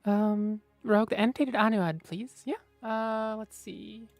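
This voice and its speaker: A woman's voice: fairly high pitch, steady tone, measured pace, dry recording, soft background music. A woman streamer chatting casually with viewers, rambling and mumbling to herself with lots of fillers.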